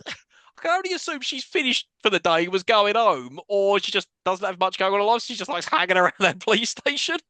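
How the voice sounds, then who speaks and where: A man's voice: high voice, sing-song, fairly quick, sharp tone, no room sound. A man co-hosting a podcast, animatedly recapping a film's plot and mocking scenes in put-on voices. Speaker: podcast co-host. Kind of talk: casual film-review chat.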